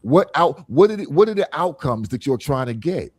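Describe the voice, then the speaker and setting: A man's voice: a little high, normal speed. A man hosting a casual group talk show, telling vivid stories in analogies and acting out what others say. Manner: animated storyteller, acts out quoted voices, laughs often; speaks in analogies, repeats phrases. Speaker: podcast host.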